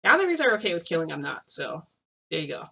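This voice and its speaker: A young woman tells a long personal story in a loose, chatty vlog style. Her voice is bright and forceful. She keeps filling with "like" and restarting her sentences as she goes. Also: on the low side, big pitch swings, fast talker, creaky, breathy edge. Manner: rambling, heavy use of "like", frequent restarts. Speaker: vlogger. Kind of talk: casual storytelling.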